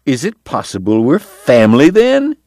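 A male audiobook narrator voicing a cheerful, teasing Irish entertainer with an Irish accent and a bright, sing-song manner. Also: mid-range voice, huge pitch swings, normal speed, no room sound, pitched above the performer's own voice. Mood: delighted. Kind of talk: audiobook character voice.

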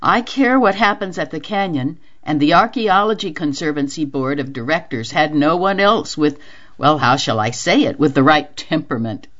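An earnest, grieving middle-aged woman talks at length, read by a woman. Her low voice moves with lively pitch. The sound is dull and lo-fi, like an old radio reading. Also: moderate pace. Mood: polite. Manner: earnest, talkative, rising indignation.

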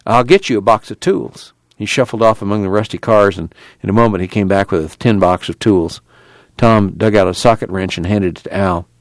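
A man narrating a story in a plain, steady reading voice. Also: sits low, brisk, dry recording. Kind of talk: audiobook reading.

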